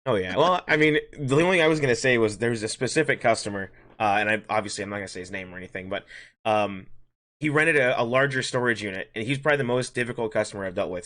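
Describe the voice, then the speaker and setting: Fast-talking man telling a story. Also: on the low side, sharp tone. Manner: fast, rambling anecdote with acted-out dialogue. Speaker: podcast host. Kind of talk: casual chat, storytelling.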